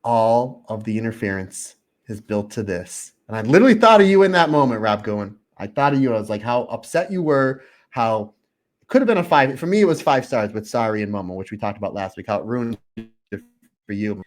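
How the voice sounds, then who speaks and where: A man co-hosting a podcast in casual chat, talking excitedly and acting out his own reactions with open emotion. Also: medium pitch, quick pace. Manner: openly emotional. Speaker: podcast co-host.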